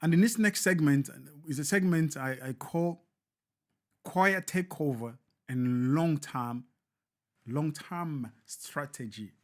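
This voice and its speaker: A man hosts a live show and talks in an emphatic, repetitive cadence like a preacher. His voice sits a little high. He drives his points home by saying them again and again. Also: slow.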